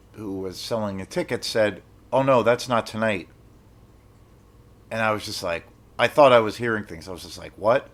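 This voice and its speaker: A young man, telling a story to camera. He rambles, restarts his sentences, and swears when he gets worked up. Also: on the low side. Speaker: film vlogger. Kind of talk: casual storytelling.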